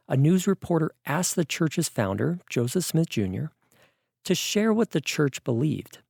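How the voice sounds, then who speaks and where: A man's voice: medium pitch, gravelly, a little mellow, no room sound, clean studio sound. A man giving a vlog sermon, explaining in an earnest, teaching way. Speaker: preacher.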